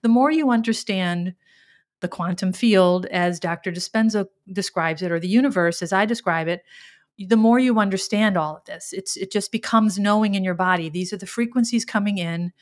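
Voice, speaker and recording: A woman's voice: medium pitch, normal speed. A middle-aged woman hosting a podcast, talking in an earnest, emotional way in a reflective spiritual monologue, often restarting her words. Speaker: podcast host.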